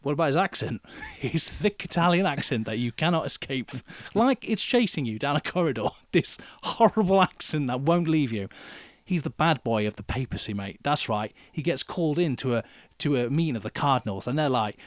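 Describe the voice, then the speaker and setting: A man in his thirties, co-hosting a podcast and reviewing a film in animated, sweary, laughing chat with lots of "mate". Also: mid-range voice, a little fast, dry recording. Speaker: podcast co-host.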